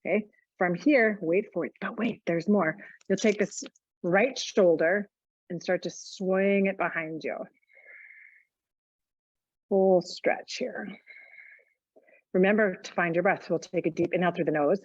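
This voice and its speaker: Female yoga teacher, chatty and joking, slightly low voice, dull dry recording. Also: unhurried, pauses often, no room sound. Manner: chatty, joking asides while cueing moves. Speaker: yoga instructor. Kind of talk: guided exercise class instruction.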